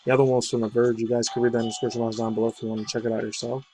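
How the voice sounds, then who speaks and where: A man's voice: mid-range voice, flat delivery, racing, warm tone, poor audio. Rambling casual male gaming commentator. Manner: rambling, slangy asides. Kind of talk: casual commentary reading an article. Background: faint game music.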